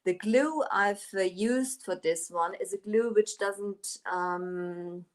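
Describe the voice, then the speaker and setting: A woman's voice: mid-range voice, slow. A middle-aged woman from Germany, a native German speaker, chatting casually on a live stream while demonstrating furniture painting, with lots of fillers and restarts. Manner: chatty, hesitant with many fillers, greets viewers.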